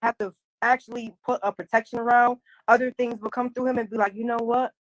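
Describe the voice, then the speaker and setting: A woman casually telling a long personal spiritual story, animated, full of slang and acted-out dialogue. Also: fairly high pitch, quick pace, no room sound, dull audio.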